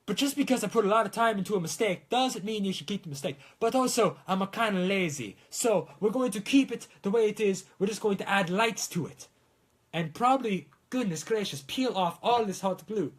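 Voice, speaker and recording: A man's voice: sits high, animated, brisk. A young man rambling on a casual prop-making livestream in a put-on Italian accent, talking through a swollen lip. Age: young adult. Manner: rambling, self-mocking, trails off mid-sentence.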